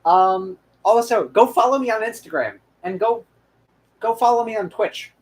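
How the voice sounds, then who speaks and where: A man's voice: high-pitched, moderate pace. A young man hosting a history channel, wrapping up an episode in rambling casual chat full of restarts and fillers. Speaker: channel host.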